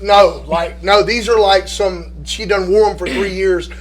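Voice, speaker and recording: A man telling animated, profane stories in a casual chat. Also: high voice, unhurried. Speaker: podcast participant telling stories.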